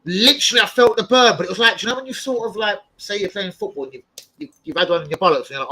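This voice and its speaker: Young guy ranting funny stories, swears constantly, bright sharp voice. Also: sits high, racing, rough recording. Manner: swears a lot, loud animated storytelling with yelps and laughs. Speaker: host of a football fan channel. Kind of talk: casual chat.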